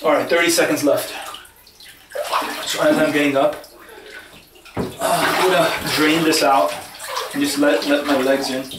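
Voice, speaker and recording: A man's voice: on the high side, steady tone, a little slow, long pauses, very noisy. A man vlogging from an ice bath in his bathroom, shivering and breathing heavily, rambling and swearing as he talks himself through the cold. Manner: rambling, profane, self-talk between gasps. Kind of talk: casual vlog narration. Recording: echoey bathroom, mic at a distance.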